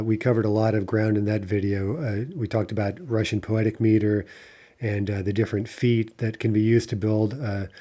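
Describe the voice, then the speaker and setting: A man's voice: mid-range voice, dark tone. A man giving a video lesson, explaining at length with many fillers and frequent "right?" checks. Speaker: language teacher.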